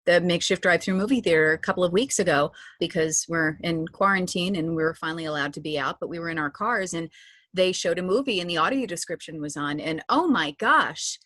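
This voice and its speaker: A woman's voice: on the low side, brisk, fairly bright tone, no room sound, studio quality. A woman in her thirties, an audio description narrator, telling stories in a chatty interview with many restarts. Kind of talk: casual interview talk.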